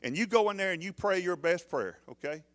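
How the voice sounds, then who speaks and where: A man's voice: high-pitched, lively intonation, a little fast, fairly bright tone. A man preaching a sermon as pastor, emphatic, often putting questions to the congregation.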